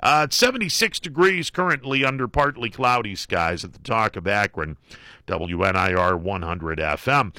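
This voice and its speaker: A man hosting a call-in talk radio show, joking and folksy with plenty of fillers and slow emphasis. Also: fairly low pitch, expressive, bright, forceful tone, dry recording. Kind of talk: casual talk radio monologue. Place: radio studio. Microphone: studio microphone.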